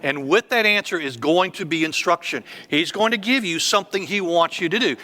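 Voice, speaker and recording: A man's voice: high-pitched, a little fast, bright, forceful tone. A man in his fifties, a church elder preaching a sermon with emphatic, repetitive phrasing.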